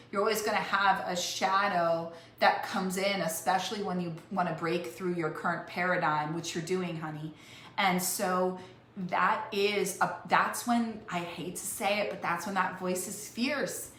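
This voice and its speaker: A woman's voice: on the low side, fairly bright tone. A woman life coach giving an earnest, emotional motivational talk, often restarting her phrases as she speaks. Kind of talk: heartfelt motivational talk to camera. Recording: echoey room with faint noise.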